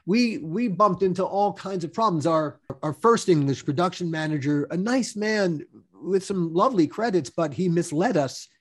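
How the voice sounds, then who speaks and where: A man with a notably high voice talks on a podcast. He explains how things worked in a reflective, matter-of-fact manner. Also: moderate pace. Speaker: producer recalling production. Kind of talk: casual podcast conversation.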